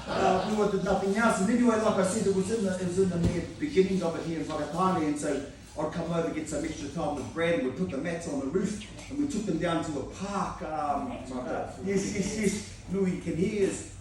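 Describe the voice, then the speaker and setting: A man's voice: high-pitched, steady tone, fairly quick. A man with a New Zealand accent telling a casual story in a speech to a jiu-jitsu club, swearing often, laughing a lot and using many fillers. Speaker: jiu-jitsu training partner giving a speech. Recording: echoey room, distant mic, background noise.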